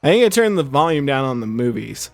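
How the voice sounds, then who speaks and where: A young man talks his way through a video game in a loose, rambling let's-play style, stopping and restarting his sentences as he goes. His pitch swoops up and down with plenty of life, and soft game music plays underneath. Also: very animated, brisk, dry recording, clean studio sound. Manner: rambling, chatty, lots of fillers and restarts. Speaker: gaming channel host. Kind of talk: casual let's-play commentary.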